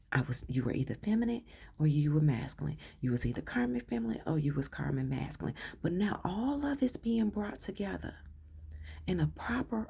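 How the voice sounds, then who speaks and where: Low, gravelly-voiced woman reading tarot. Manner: emotional, affirming, drops into soft whispers. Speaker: tarot reader.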